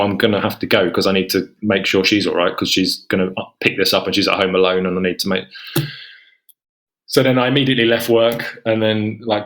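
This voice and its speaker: A man's voice: fairly low pitch, a bit bright. A man in his forties from England, a podcast guest telling a personal story in a rambling, casual way and quoting the people in it. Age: 40s. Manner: rambling, quotes himself and others in a lifted voice.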